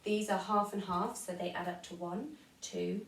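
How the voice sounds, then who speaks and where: An English woman leads an online string lesson, counting the rhythm out loud and explaining the beats as a violin plays in the background. She speaks at normal speed in a steady, mid-range voice, picked up off-mic from a distance in a room with echo.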